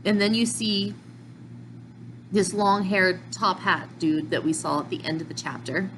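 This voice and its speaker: A woman casually recapping manga chapters in a chatty, excitable way, with slips and restarts. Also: mid-range voice, unhurried, noisy background. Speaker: manga reviewer.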